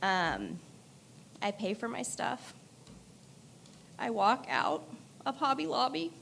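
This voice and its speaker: A woman with a high voice delivers a heartfelt eulogy in a church. She tells candid stories with a mix of laughter and tears, and her voice breaks into crying at times. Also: very animated, takes it slowly, vocal fry, a bit bright, slight background noise. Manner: emotional, candid storytelling with laughter through tears. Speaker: daughter giving a eulogy. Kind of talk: memorial eulogy.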